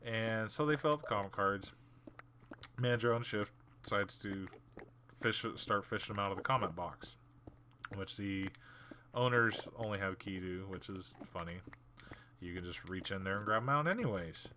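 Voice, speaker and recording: A man's voice: on the low side, moderate pace, pauses often, slight background noise. A man hosting a gaming channel, telling a story casually while he plays, acting out the people in it with blunt sarcasm. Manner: animated, acts out the people in his story.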